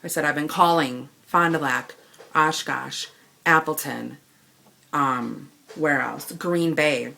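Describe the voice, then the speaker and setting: A woman's voice: low-pitched, slow, gravelly. A woman from Wisconsin, telling a shopping complaint story and acting out both sides of the conversation. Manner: animated retelling, acting out both sides of the dialogue. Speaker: vlogger. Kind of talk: ranting story to camera.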